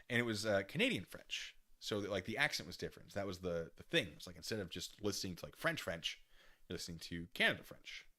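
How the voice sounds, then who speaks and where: A male streamer chatting off the cuff with his live chat, rambling from one thought to the next and giggling often. His voice sits fairly low yet swings widely in pitch, with a bright, forceful edge. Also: animated, a little fast. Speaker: livestream host. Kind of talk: casual live-stream chat, reading chat aloud.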